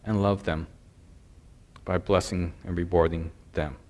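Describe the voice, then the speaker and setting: A man's voice: low-pitched, steady tone, unhurried, darkish tone. A middle-aged man preaching a sermon as a pastor, in a conversational way with frequent asides to the congregation.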